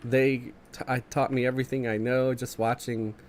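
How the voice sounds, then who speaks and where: A man's voice: medium pitch, flat delivery, normal speed, slight background noise. A man with a stuffy, congested morning voice, casually chatting with viewers while streaming a game and reading chat aloud. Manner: laid-back, chuckling, reads chat aloud.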